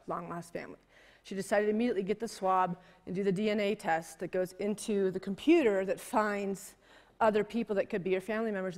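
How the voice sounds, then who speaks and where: A woman preacher telling a personal story in a sermon, swinging between intense, emphatic delivery and hushed, softer passages. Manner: emotional, building to high intensity and dropping to hushed tones. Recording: long hall reverb.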